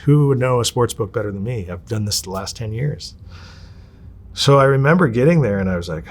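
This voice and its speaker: A man's voice: on the low side, expressive, fairly quick, gravelly, a little mellow. A man, telling candid, profane stories and acting out the people he quotes. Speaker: interviewee. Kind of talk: candid storytelling.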